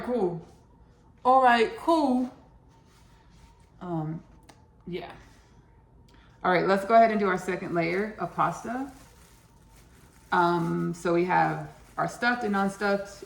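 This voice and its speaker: Gravelly-voiced Texan woman cooking and chatting. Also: on the low side, reverberant. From Austin, Texas. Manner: chatty, repeats phrases, laughs at own jokes. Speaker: home cooking host. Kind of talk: casual cooking vlog.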